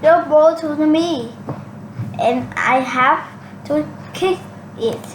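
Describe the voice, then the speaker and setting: High-voiced woman slowly repeating lines. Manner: slow, halting, repeats phrases with slips. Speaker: English learner. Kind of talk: shadowing practice, repeating cartoon lines. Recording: noisy home recording.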